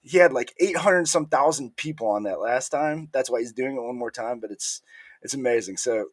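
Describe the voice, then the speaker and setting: A man co-hosting a casual live-stream chat, enthusiastic and quick to chime in with agreement. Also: mid-range voice, slightly rough, no room sound. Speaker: co-host.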